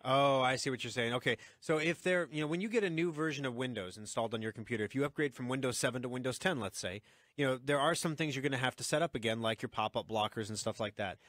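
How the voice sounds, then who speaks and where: A man hosting a radio call-in show, talking briskly and reassuringly in casual chat with a caller. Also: medium pitch, a bit bright, no echo.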